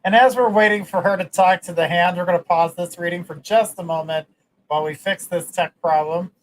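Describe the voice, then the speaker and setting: A woman co-hosting a livestream, speaking lightly and laughing while she covers a technical pause. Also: on the low side, steady tone, poor audio.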